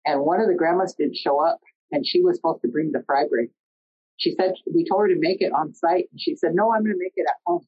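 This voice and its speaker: A middle-aged woman telling a personal story in an earnest, conversational way, often pausing mid-sentence. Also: deep voice, slightly rough. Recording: dull lo-fi recording.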